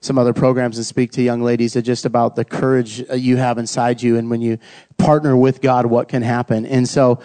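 A man tells his family's faith story in a relaxed, conversational way. His voice is mellow and warm, and he often slips into short quoted asides. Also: mid-range voice, brisk. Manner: casual, earnest, uses quoted asides. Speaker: husband sharing testimony.

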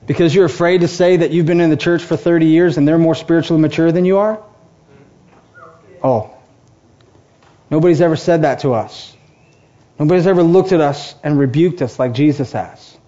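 A man's voice: a little high, a little mellow, lo-fi sound. A male pastor preaching a sermon with passion, acting out the voices of the people he quotes. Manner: impassioned, acts out quoted voices.

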